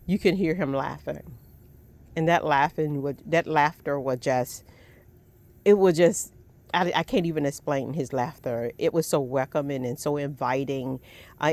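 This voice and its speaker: A woman's voice: low-pitched, a little mellow. A middle-aged woman with a Southern US accent, chatting and telling stories while fishing outdoors. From Southern United States. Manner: chatty, rambling, laughs often. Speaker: fishing vlogger. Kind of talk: casual storytelling while fishing. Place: outdoors by the water.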